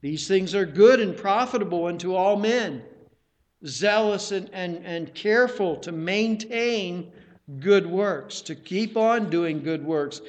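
High-voiced man preaching slowly. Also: expressive. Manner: deliberate, repeats phrases for emphasis; exhorting the congregation with questions. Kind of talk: sermon.

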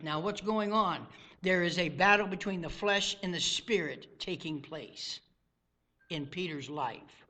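A pastor from the American South preaching a dramatic sermon. His voice sits high and bright. He swings between hushed, intimate asides and loud, ringing outbursts. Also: normal speed.

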